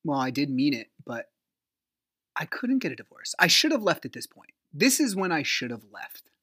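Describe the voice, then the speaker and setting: A man's voice: fairly high pitch, normal speed, no room sound, clean studio sound. A man hosting a podcast, telling a personal story in a blunt, emphatic way, acting out past arguments with feeling. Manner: emphatic, animated retelling of arguments; blunt, swears freely. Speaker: podcast host.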